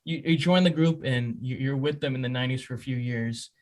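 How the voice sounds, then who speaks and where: A man's voice: medium pitch, brisk, a little mellow. A man hosting a podcast interview, chatting casually as an eager fan with self-deprecating asides. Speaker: podcast host.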